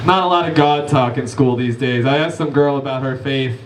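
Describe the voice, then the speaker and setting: A man's voice: mid-range voice, a little fast, slight background noise. A man in his thirties doing a live stand-up comedy set on a club stage, firing off punchy one-liners and working the crowd. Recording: echoey club room, distant capture.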